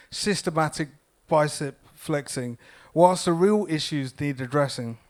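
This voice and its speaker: A man reading his poem at a live event in an earnest, forceful way. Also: fairly high pitch. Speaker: poet.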